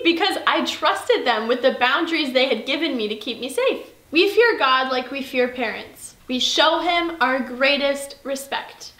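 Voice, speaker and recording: A young woman leads a youth devotional in a high, bright voice, chatty and earnest as she talks straight to her listeners. The room around her is echoey. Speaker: youth leader.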